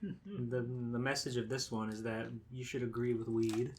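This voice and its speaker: A man's voice: medium pitch, normal speed, darkish tone, a little hiss or hum. A man hosting a casual podcast chat, playful and joking, often breaking into laughs. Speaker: podcast host.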